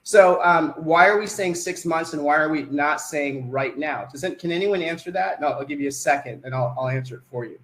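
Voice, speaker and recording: A man's voice: a little high, brisk, hardly any pauses, a bit bright, reverberant, rough recording. A man giving a webinar sales presentation, putting questions to the attendees and then answering them himself.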